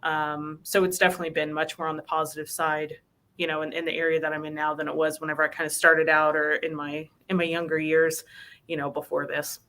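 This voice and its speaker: A woman speaks earnestly as a guest in an interview, sprinkling her talk with "um" and "you know". Her voice sits a little low yet sounds bright and forceful. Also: level tone, brisk. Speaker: bank recruiter. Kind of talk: conversational interview.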